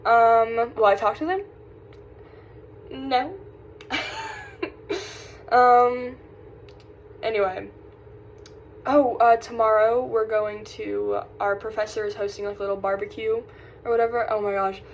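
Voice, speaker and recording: A woman's voice: on the high side, steady tone, takes it slowly, long pauses, muffled recording, slight background noise. Rambling young Southern woman vlogging. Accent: Southern American. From South Carolina. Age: young adult. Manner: rambling, distracted, sighing. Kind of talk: casual chat.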